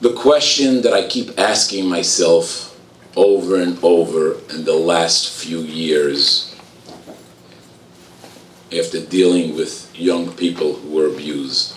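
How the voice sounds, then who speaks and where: A man with a very deep voice addresses an audience as a rabbi, firing off rhetorical questions one after another and slipping in wry jokes at his own expense. He is heard from a distance in a roomy hall, with faint ambient noise behind him. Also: fairly even intonation, takes it slowly. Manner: wry, self-deprecating asides. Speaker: rabbi giving a speech. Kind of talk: public speech at an event.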